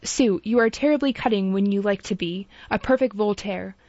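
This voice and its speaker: A woman's voice: medium pitch, normal speed, darkish tone, dry recording, natural voice. An earnest young man pleads and apologizes, his lines read in a storybook audiobook by a woman narrator. The recording is dull and lo-fi, with a dry, close sound and no room around it. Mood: pleading. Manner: imploring, apologetic. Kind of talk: audiobook character reading.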